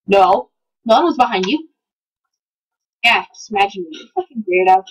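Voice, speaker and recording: A woman giving excitable, profane commentary while playing a game, talking back to the characters on screen. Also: mid-range voice, moderate pace, slightly rough, rough recording. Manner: excitable, swears a lot, talks to game characters. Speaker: let's play gamer. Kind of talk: casual gameplay commentary.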